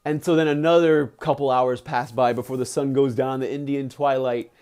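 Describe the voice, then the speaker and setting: A young man on a livestream, retelling a book chapter in a casual, animated way, filling it with "he's like" and acting out the quotes with big jumps in pitch. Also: moderate pace, clear, resonant tone. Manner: many fillers like "he's like". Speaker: streamer reading a book aloud.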